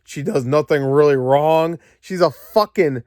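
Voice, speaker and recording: A man's voice: on the high side, unhurried, a little mellow, no room sound, studio quality. A man ranting sarcastically about a movie, swearing often and stumbling through fillers. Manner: sarcastic, profane, frustrated ranting with frequent fillers. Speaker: movie reviewer. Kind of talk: casual ranting review. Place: lying in bed at home.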